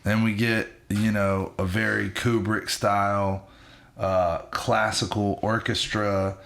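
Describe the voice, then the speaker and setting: A man's voice: on the low side, little pitch movement, slow pace, creaky, fairly bright tone. A man co-hosting a podcast, chatting in a laid-back, slangy way about a film. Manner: laid-back, slangy, frequent agreeing fillers. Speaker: podcast co-host. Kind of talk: casual film discussion.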